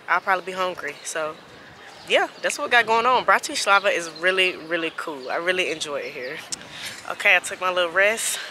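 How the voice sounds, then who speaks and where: A woman's voice: lowish voice, pushed and bright. A woman chatting casually to her camera outdoors in a windy city, rambling with lots of fillers. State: out of breath from climbing stairs. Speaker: travel vlogger. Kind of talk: casual vlog chat to camera. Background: music.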